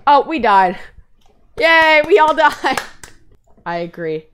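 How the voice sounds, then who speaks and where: A woman hosting a let's-play video, talking excitedly and yelping when scared, into a close gaming mic. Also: sits high, background noise. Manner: excitable, jumps from scared yelps to quick chatter.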